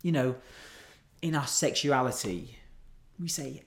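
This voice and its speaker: A male preacher delivering a sermon at an unhurried pace. His pitch rises and falls widely as he leans into his points, earnestly and emphatically. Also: very animated.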